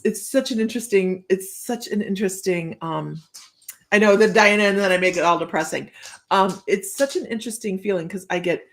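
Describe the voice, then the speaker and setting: A woman's voice: medium pitch, gravelly. A woman psychic medium giving casual live-stream readings, chatty and rambling, often breaking into laughter.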